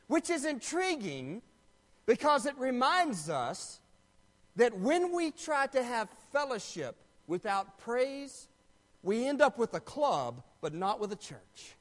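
A male pastor delivers a sermon in a strikingly high voice that swoops lively up and down. He preaches emphatically and asks his congregation questions. His voice rings with the long reverb of a large sanctuary.

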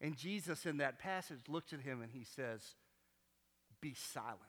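A man preaching a sermon as pastor, moving between quiet, conversational teaching and loud, impassioned appeals. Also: on the high side, lively intonation, moderate pace, in a large hall. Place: church sanctuary.

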